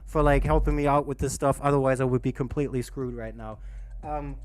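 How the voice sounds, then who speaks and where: A man's voice: medium pitch, brisk, no room sound. A man, a DJ, teaching rhythm in a casual livestream workshop, swearing often and poking fun at himself, alone in a room. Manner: animated, swears a lot, self-mocking. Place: alone in a room under a bright light.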